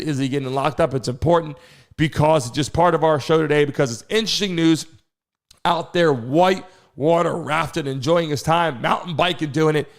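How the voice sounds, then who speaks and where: A man hosting a live sports news show, talking casually and excitably, throwing rhetorical questions to his chat. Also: on the high side. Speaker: host.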